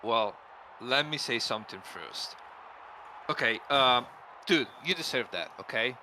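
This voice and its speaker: A man's voice: mid-range voice, expressive, unhurried, bright, forceful tone, a little hiss or hum, low-quality recording. A man voicing a level-headed male wrestler in an amateur voice drama, soothing and often saying okay. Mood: frank. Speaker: wrestler character.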